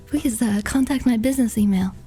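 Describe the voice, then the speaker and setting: A woman's voice: a little high, normal speed, warm tone, breathy edge, faint music behind. A woman streamer in casual chat, rambling and laughing, with lots of "like" fillers. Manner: rambling and laughing, heavy use of "like".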